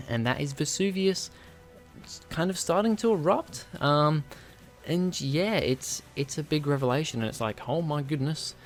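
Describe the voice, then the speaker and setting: A man casually reviewing a TV episode in an enthusiastic, rambling, chatty way. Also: mid-range voice.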